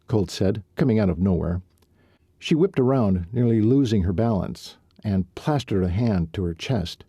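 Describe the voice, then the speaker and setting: A man narrating a romance novel as an audiobook, in calm, even storytelling. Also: fairly low pitch, normal speed, slightly rough, no room sound, studio quality.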